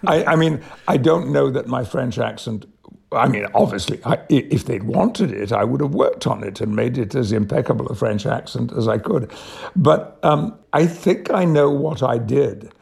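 An older man with an English accent, an actor guest in a radio interview, speaking in a measured, thoughtful way. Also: medium pitch, expressive, darkish tone. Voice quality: gravelly and husky. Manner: measured, thoughtful, reflective storytelling.

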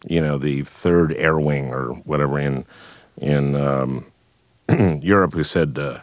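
A man, a guest comedian, telling anecdotes in a radio interview, with halting restarts and chuckles. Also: rumbling low, no room sound.

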